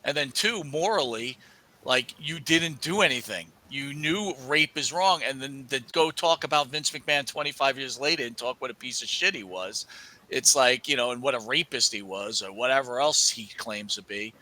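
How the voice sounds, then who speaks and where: A man's voice: medium pitch, moderate pace, pushed and bright, low-quality recording. A man hosting a casual podcast chat, asking long rambling questions and acting out imagined conversations. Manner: acts out imagined dialogue. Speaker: podcast host.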